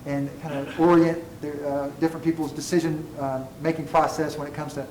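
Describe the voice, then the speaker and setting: A man lectures on ethics to a classroom, wandering into tangents and making fun of himself along the way. His fairly high voice carries through an echoey room, picked up by a mic set well back. A faint hum of room noise sits underneath. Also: flat delivery, fairly quick, darkish tone, distant mic. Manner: digressive, self-deprecating humor. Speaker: college ethics instructor.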